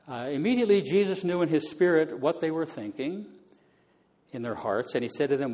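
A man's voice: on the high side, expressive, a little fast, mellow. Man teaching scripture with long reverb. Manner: conversational, many fillers, paraphrases scripture casually. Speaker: bible teacher. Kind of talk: bible teaching talk.

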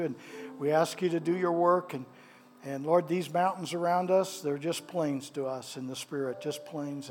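A man's voice: on the high side, darkish tone, slight background noise. A man preaching a sermon as pastor of a church, with a fervent cadence that repeats phrases, then leading prayer. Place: church sanctuary.

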